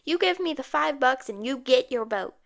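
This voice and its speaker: Woman doing a gruff saucy street urchin boy. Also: high-pitched, lively intonation, normal speed, a bit bright, full character voice. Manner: stubborn, slangy street talk. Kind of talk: audiobook character voice.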